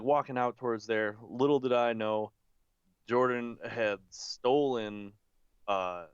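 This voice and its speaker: A young man with a low, smooth voice spins a rambling story in casual podcast chat. He swears freely and leans on "like" constantly. The sound is dry and a little dull. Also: dry recording. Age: young adult. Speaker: podcast co-host.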